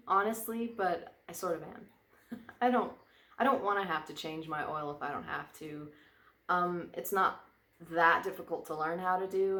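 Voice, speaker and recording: A woman's voice: sits low, a bit bright, echoey room, a little hiss or hum. A woman vlogger chatting casually, rambling and drifting onto tangents. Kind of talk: casual chat. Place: indoor room by a fireplace.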